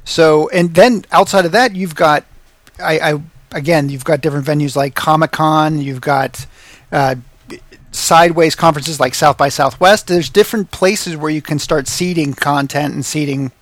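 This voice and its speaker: A man's voice: a little high, moderate pace, a bit bright, dry recording. Rambling self-mocking man on a podcast. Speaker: podcast guest, marketing officer. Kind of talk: casual podcast chat.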